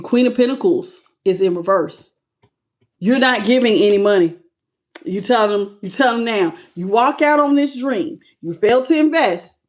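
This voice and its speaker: A woman with a medium-pitched, darkish voice reads tarot live. She's playful, greets chat viewers by name, laughs often, and sings little snippets.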